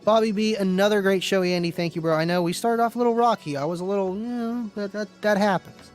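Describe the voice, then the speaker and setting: A man's voice: sits high, fast talker, soft background music. A man hosting a live stream, chatting casually with viewers, laid-back and chatty, laughing often and calling people "man" and "dude".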